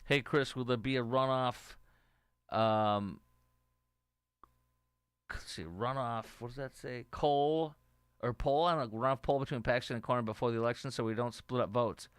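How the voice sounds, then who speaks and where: A middle-aged man hosts his own political talk show and rambles through opinionated commentary while reading out viewer comments. His voice is smooth and resonant. The sound is dry and close, with no room echo. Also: medium pitch, normal speed, pauses often.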